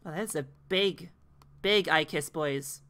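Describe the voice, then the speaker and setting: Bright-voiced giggly woman streamer. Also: deep voice, a little slow. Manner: giggly, playful and chatty. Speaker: game streamer. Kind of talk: casual gaming stream chat.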